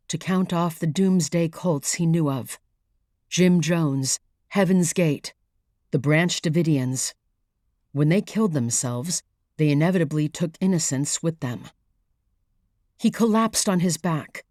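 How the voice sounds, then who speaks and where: Reading a thriller audiobook, a woman narrator uses a low, deliberate voice and takes her time with every line of the script. Her storytelling is measured and even, recorded close-miked and dry, with no room sound.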